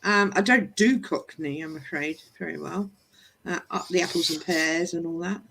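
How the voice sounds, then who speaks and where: A woman's voice: on the low side, normal speed, gravelly, fairly bright tone, husky. A woman chatting casually on a live stream as co-host, laughing often and mimicking regional accents.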